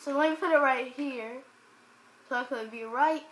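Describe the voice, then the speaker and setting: A woman giving let's play commentary as a gaming channel host, chatting to viewers and bursting into loud exclamations. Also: high-pitched, normal speed, slight background noise. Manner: chats directly to viewers.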